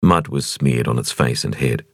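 A man reading a thriller audiobook in a measured, expressive narration. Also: rumbling low, no room sound. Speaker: audiobook reader.

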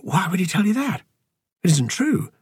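A man's voice: on the low side, quick pace, breathy edge, dry recording, studio quality. A man voicing an anxious, earnest young male servant in an audiobook, pleading and insistent.

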